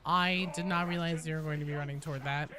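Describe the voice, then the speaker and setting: A woman streaming a game, chatting casually with animated, swearing reactions. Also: low voice, fast, a crowd in the background. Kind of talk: casual live-stream chat while gaming. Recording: noisy game sound behind voice.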